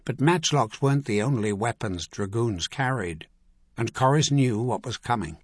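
A man reading an adventure novel aloud as narrator, measured and vivid. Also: medium pitch, lively intonation, husky, no room sound, clean studio sound. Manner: measured, vivid storytelling with acted dialogue. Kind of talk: scripted audiobook narration.

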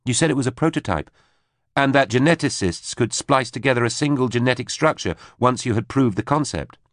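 A man voicing a composed man who answers in a brisk, matter-of-fact way. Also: mid-range voice, lively intonation, no echo, clean studio sound, voice pushed up, natural voice.

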